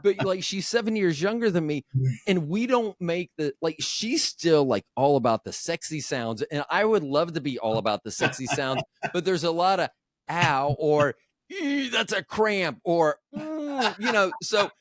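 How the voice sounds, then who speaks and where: A man's voice: a little high, expressive, normal speed, no echo, clean studio sound. A man hosting a casual podcast chat, rambling and joking at his own expense. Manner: joking, rambling, self-deprecating. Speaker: podcast host.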